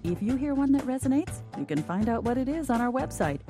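A woman radio announcer reading sponsor credits and station notes in a smooth, measured way. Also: fairly high pitch, very animated, over music.

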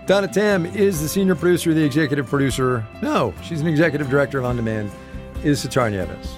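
A man's voice: a little high, animated, quick pace, over music. A man co-hosting a podcast in casual, jokey chat. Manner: jokey, bantering. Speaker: co-host.

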